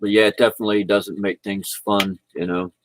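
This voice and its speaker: This vlogger's lowish voice barely moves in pitch as he talks fairly quickly in a relaxed, rambling spiritual livestream from home, laughing often. A little hiss or hum runs under the rough recording.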